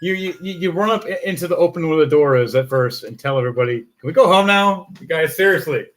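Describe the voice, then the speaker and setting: A man narrating as game master of a tabletop game, excitable, swearing and laughing often. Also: a little high, quick pace.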